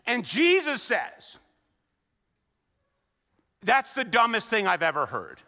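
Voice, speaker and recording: A man delivers a sermon in a church sanctuary, his voice high and bright with lively swings in pitch. He speaks in a chatty, animated way and slips into the voices of the people he quotes. His words ring out with the long reverb of a large hall. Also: takes it slowly. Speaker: pastor.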